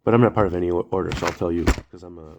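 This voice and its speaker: A man's voice: deep voice, rapid-fire, background noise. A man talking in a casual, rambling monologue, acting out quotes, swearing freely and laughing at himself. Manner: animated storytelling, acts out quotes, swears freely; self-deprecating, often apologizes and laughs at himself.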